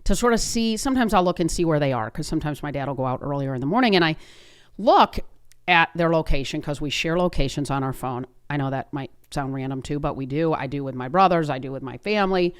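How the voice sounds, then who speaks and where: Speaking fast and smoothly, a woman in her fifties with a low voice and lively intonation hosts a podcast. Her personal story comes out in an earnest, conversational way, full of restarts.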